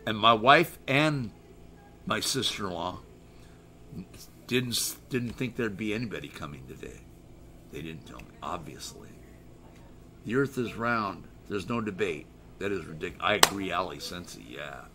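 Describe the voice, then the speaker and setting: A man's voice: low-pitched, expressive, moderate pace, sharp tone, a little hiss or hum. A middle-aged American man hosting a live stream, rambling and joking as he reads viewer chat aloud in casual talk. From United States.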